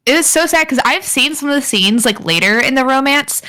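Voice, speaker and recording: A woman's voice: sits high, expressive, a little fast, pushed and bright. A woman co-hosting a podcast in casual chat, rambling with lots of fillers and giggles. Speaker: podcast co-host.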